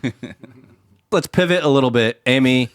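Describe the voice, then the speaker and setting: A man's voice: mid-range voice, measured pace, clear, resonant tone. A man hosting a podcast, asking playful, teasing questions in casual chat. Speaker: podcast host. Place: podcast studio.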